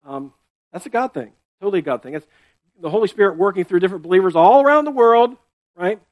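Speaking conversationally and animatedly to his congregation, a high-pitched male pastor peppers his sermon with quick "right?" and "okay?" tags. He doubles back, restarting and repeating words while explaining, and the sound is dry, close, narrow, and tinny, with no room echo.

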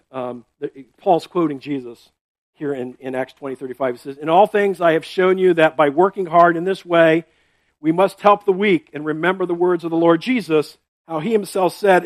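A high-pitched man delivers a sermon as a pastor, talking to his congregation as if in conversation. He keeps checking in with quick "right?" and "okay?" tags and doubles back over his words as he explains. The sound is dry and close, with no room echo. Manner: restarts and repeats words while explaining.

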